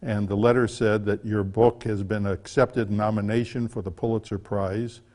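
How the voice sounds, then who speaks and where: A man's voice: fairly low pitch, flat delivery, normal speed, dark tone. An older man telling a folksy, chatty story about his life as an author, with small restarts along the way. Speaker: author giving a talk. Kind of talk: casual storytelling talk.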